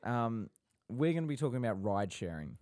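A man's voice: mid-range voice, sing-song, brisk, heavy background noise. A man co-hosting a podcast in a casual chat from an office, teasing his brother in a mock-dramatic way. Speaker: podcast co-host. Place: home office. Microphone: podcast microphone.

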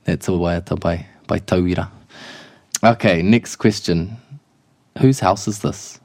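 A man with a New Zealand accent and a fairly low voice walks a learner through grammar, patient and repeating examples. The sound is dry and close, with little room around it. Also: takes it slowly, darkish tone, no room sound. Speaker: te reo Māori teacher. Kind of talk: casual language lesson.

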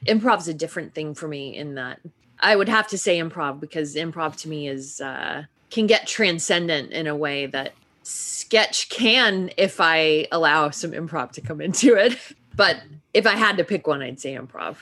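A woman's voice: deep voice, normal speed. A woman from Texas, an actress and improviser, telling stories in a casual interview and laughing often. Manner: animated storytelling, laughs often.

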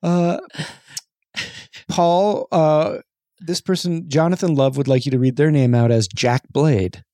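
A man co-hosting a podcast in casual chat, reading listener names with easygoing, halting fillers. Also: on the high side, fairly even intonation, warm tone, no room sound, studio quality. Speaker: podcast co-host.

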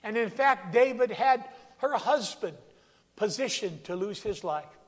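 This pastor's expressive voice sits high and keeps a measured pace. He dramatizes scripture scenes and calls to his congregation, his sermon carrying the long reverberation of a big sanctuary.

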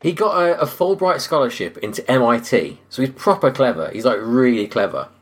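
A man co-hosting a podcast, chatty and quick to laugh. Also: mid-range voice. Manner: lively, chatty, laughs often. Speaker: podcast co-host. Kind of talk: casual film chat.

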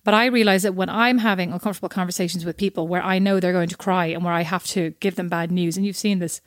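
A woman's voice: fairly low pitch, fairly even intonation, quick pace, no echo, studio quality. A woman in casual chat as co-host, talking freely and acting out quoted voices. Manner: chatty, acts out quoted voices.

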